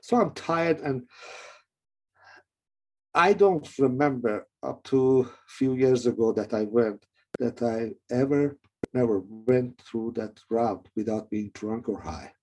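A middle-aged man with a non-native English accent, telling his own story in a rambling, halting way with many restarts. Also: mid-range voice, darkish tone. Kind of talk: personal testimony.

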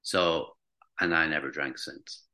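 A man in his sixties speaks in a very deep voice that still has a sharp, bright edge. He recalls his past in a personal storytelling style, pausing and restarting as he feels his way through each thought. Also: steady tone. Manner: reflective, hesitant, with restarts. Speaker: former teacher recounting recovery.

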